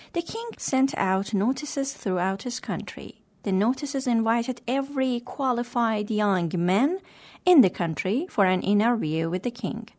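A woman hosting and reading a moral story aloud in a gentle, measured way. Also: mid-range voice. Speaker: storyteller and host. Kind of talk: scripted story narration.

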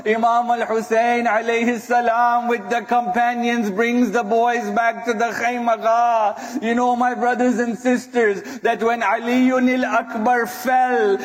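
A male preacher with a very high voice delivers a mourning sermon at an unhurried, drawn-out pace. He is emotional and sometimes breaks into a crying chant. The sound carries a long hall reverb. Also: fairly even intonation.

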